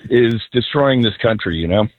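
A man's voice: medium pitch, animated, moderate pace. A man, a military veteran, talking bluntly and emphatically as a guest on a radio show by phone. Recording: tinny phone line.

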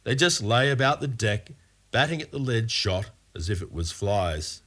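A man's voice: lowish voice, expressive, normal speed, fairly bright tone. A man narrating a scripted storybook adventure in a playful, wry way.

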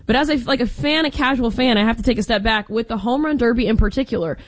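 High-voiced, opinionated female co-host. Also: quick pace. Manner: opinionated, lively and exasperated. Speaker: sports radio co-host. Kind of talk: casual sports radio chat.

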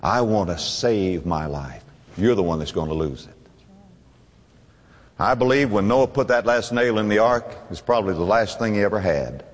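A man preaching a sermon with impassioned, pleading delivery that swings from loud to hushed. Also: lowish voice, animated, normal speed, long reverb tail.

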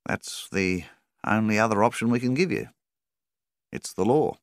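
A man's voice: fairly low pitch, lively intonation, normal speed, dry recording, clean studio sound, voice pushed up, close to an everyday voice. A man voicing a polite, evasive male bank manager who talks apologetically and persuasively.

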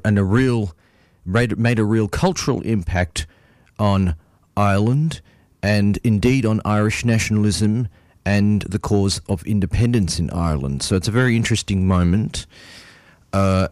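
Low-voiced hesitant male radio host. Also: a little mellow, dry recording, clean studio sound. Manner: hesitant, many fillers. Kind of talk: casual radio presenting.

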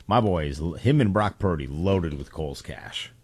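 A man's voice: low-pitched, animated, a little slow, a little mellow, breathy edge, dry recording. A man co-hosting a casual football talk show, teasing his partner in a laid-back, dry way. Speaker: sports show co-host.

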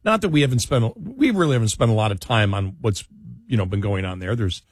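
A man's voice: lowish voice, expressive, fast, slightly rough, no room sound. Talk radio guy rambling on, lots of uh and restarts, dry close mic. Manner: rambling, many restarts and fillers. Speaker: radio show host. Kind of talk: casual talk radio banter.

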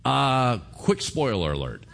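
A man preaching a sermon, animated and telling the story with acted-out voices. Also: slow pace, creaky. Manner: animated storyteller, acts out characters with big pitch swings. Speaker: pastor.

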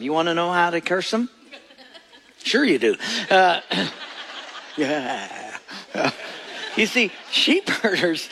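A man's voice: high-pitched, gravelly, a bit bright. A male pastor preaching a sermon in a folksy, joking storytelling manner. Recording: echoey church hall.

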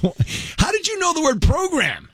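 A man's voice: very high-pitched, huge pitch swings, normal speed, sharp tone, no echo, studio quality. A man co-hosting a morning radio show in casual chat, teasing his co-host in a playful way. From Boston area. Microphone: studio microphone.

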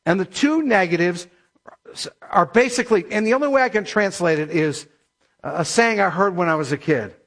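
A man preaching a sermon as pastor, emphatic, slowing down to stress scripture. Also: high voice, lively intonation, a bit bright. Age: middle-aged or older.

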